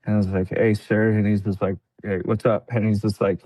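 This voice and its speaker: A man with a low, dry-miked voice tells a war story in relaxed podcast chat. He acts out what others said, jumping up into a higher voice for the quotes, and peppers his telling with fillers and laughs. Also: brisk, no echo. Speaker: podcast guest, veteran. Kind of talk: casual storytelling.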